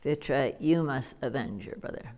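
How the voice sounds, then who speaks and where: A woman's voice: extremely low pitch, normal speed, darkish tone. A woman reading the sorrowful, grim lines of a grieving old male divine craftsman, as an audiobook character voice.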